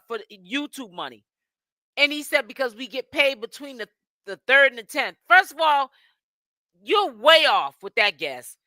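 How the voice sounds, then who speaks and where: A woman with a high, bright, sharp voice runs a gossip commentary, blunt and critical as she explains. The sound is dry and close, with no room around it. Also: dry recording. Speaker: commentary channel host.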